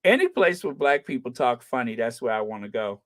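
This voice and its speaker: A man's voice: medium pitch, very animated, fairly quick, dry recording. A middle-aged man chatting casually as a travel vlogger, rambling, joking and musing aloud. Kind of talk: casual chat.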